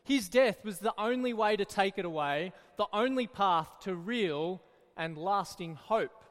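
Children's church leader, man, high voice, slow and encouraging, long hall echo. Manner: lively, encouraging, storytelling. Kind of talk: children's Bible talk.

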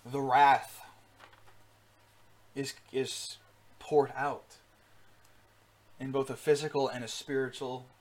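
A man's voice: medium pitch, flat delivery, slow, long pauses. A man preaching an earnest sermon with rising emphasis, frequent fillers and restarts. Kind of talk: sermon teaching.

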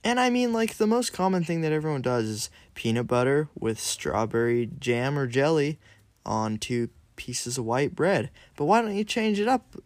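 A man's voice: fairly high pitch, very animated, normal speed, no echo. A man co-hosting a casual chat, rambling and playful, filling his talk with "like". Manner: rambling, many "like" fillers, playful. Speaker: co-host.

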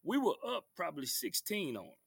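Gravelly coach telling stories. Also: male voice, on the high side, fairly quick, dry recording, studio quality. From Texas. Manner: lively storyteller acting out referees and himself. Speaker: basketball coach, guest. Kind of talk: animated storytelling.

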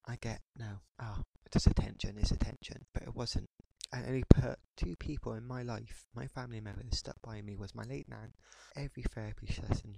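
A man in his thirties hosting a podcast, ranting in a frustrated, halting way and often pausing on "you know". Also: medium pitch, vocal fry, very noisy. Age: 30s. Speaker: podcast host. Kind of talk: podcast rant monologue.

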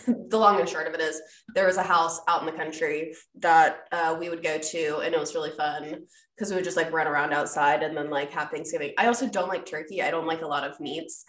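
A woman's voice: low-pitched, fairly even intonation, a little fast, a bit bright, far from the mic. A young woman co-hosting a podcast, talking bluntly and rambling with lots of "like", laughing now and then. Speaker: podcast co-host. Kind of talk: casual book-club chat. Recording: echoey room, off-mic.

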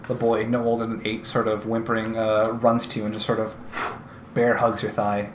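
A man's voice: lowish voice, completely flat delivery. A man narrates a tabletop game as its game master, stopping often with ums and starting over. His voice carries a roomy echo, with faint ambient noise underneath. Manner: halting, with frequent ums and restarts.

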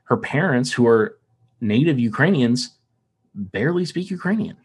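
Husky, animated and medium-pitched at a normal speed, this Southern-raised man has no Southern accent. Chatting casually on a podcast, he's earnest and rambling, with frequent restarts and repeated words.

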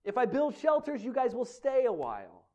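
A man voicing an eager, well-meaning male disciple who talks too much, in an excited, rushed way. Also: very high voice, lo-fi sound, voice pushed up, exaggerated voice.

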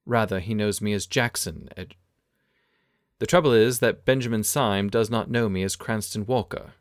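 Brief: man actor, lowish voice, measured line reads, dry booth sound. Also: no room sound. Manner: measured, restarts after flubs. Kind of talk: reading drama lines with retakes.

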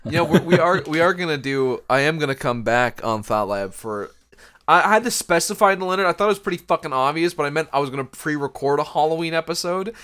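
A man's voice: fairly high pitch, lively intonation, quick pace, a bit bright, clean tone. A young man hosting a casual podcast chat with friends, loose and joking and swearing freely. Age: young adult. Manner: loose, laughing, swears a lot. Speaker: podcast host.

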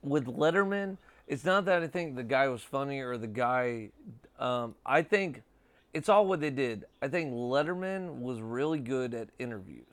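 A man in his thirties chats loosely as a podcast host, his voice smooth and resonant. The sound is dry and close, with no room around it. He rambles, swears freely and leans on "dude" and "like.". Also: medium pitch, animated, normal speed, no echo. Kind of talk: casual chat.

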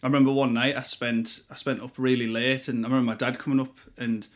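A man, a guest on a studio podcast, talking in a relaxed, rambling way with restarts. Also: mid-range voice, quick pace. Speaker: guest, yoga teacher. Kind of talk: casual interview chat.

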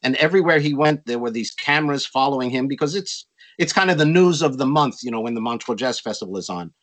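An older man telling stories from his music career in an interview, animated and acting out quotes in a raised voice. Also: mid-range voice, fast, low-quality recording. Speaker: interview guest, jazz musician. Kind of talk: storytelling in a conversation.

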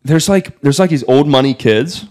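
Brief: young male podcast guest, loose storyteller, lots of "like", swears freely, mid-pitched. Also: normal speed. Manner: loose and animated, heavy on "like" fillers and swearing. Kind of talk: casual storytelling.

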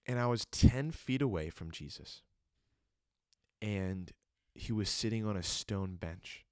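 Deep-voiced earnest young man podcasting. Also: animated, slow, a little mellow, dry recording, studio quality. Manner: earnest and emotional, many fillers, jokes then turns reflective. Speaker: podcast host. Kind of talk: solo podcast testimony.

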